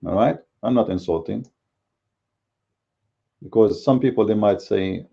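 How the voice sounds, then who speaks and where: A man's voice: lowish voice, normal speed, gravelly, long pauses, slightly rough, muffled recording. A man whose first language is Arabic, giving blunt, combative commentary as a Christian apologist in a casual video. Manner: blunt and combative, speaks bluntly by his own account.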